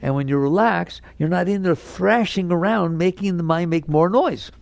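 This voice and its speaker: A man with a gravelly, slightly high voice leads a spiritual lecture, leaning hard on repeated key words. He slips into little acted voices and chuckles as he explains. The sound is close and dry. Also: moderate pace, no room sound. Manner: acts out inner voices in quotes. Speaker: spiritual teacher.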